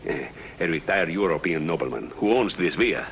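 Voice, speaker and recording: Formal worried official, extremely deep voice, dull muffled sound, 1950s TV drama. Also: male voice, animated, gravelly, a bit bright, heavily acted. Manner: halting, formal. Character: anxious, formal Latin American official. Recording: dull old TV soundtrack with faint hiss.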